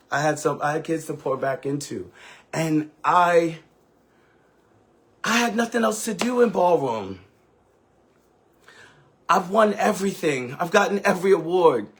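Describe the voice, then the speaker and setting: A man's voice: fairly high pitch, lively intonation, slow, pauses often, a bit bright, husky. A man who is a ballroom house mother, telling an emotional, candid and profane story on a live stream with sassy, dramatic delivery.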